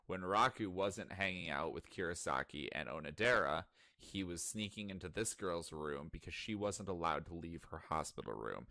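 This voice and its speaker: A man with a very low voice chats casually, recapping a story in an animated, swearing way. The sound is very close and dry, with no room around it. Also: dry recording. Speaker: podcast co-host. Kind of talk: casual chat.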